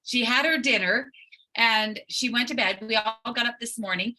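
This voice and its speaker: A woman's voice: on the high side, moderate pace, sharp tone, poor audio. A woman on an online call telling a chatty story with many fillers. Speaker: guest sharing a testimonial.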